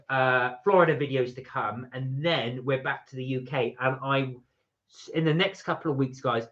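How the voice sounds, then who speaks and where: A man's voice: mid-range voice, a bit bright. A man co-hosting a casual live stream, chatting with viewers and reading out their comments, rambling and correcting himself as he goes. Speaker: co-host of a live chat stream. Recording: dull lo-fi live-stream audio.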